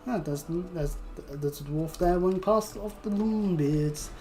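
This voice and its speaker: A woman's voice: on the low side, a little slow, warm tone, faint music behind. A woman livestreaming a game, rambling casually with joking asides to herself while she plays. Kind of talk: casual gameplay commentary.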